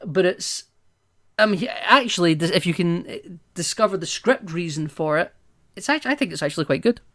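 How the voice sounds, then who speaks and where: A podcast co-host chats casually about a film in a high-pitched, bright, forceful voice, animated and at normal speed. He rambles playfully, packing in lots of asides.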